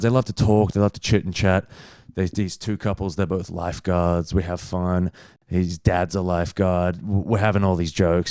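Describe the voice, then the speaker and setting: A young man, a stand-up comedian, telling a story in casual chat, animated and swearing freely. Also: low-pitched, dry recording, studio quality. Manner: animated, swears freely, acts out other people's lines.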